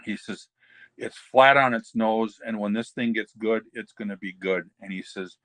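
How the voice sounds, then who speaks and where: A man's voice: on the low side, moderate pace, fairly bright tone, no echo, rough recording. An older man, a former wrestler, rambling through anecdotes in a casual interview and quoting other people's words in his own voice. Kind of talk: casual storytelling shoot interview.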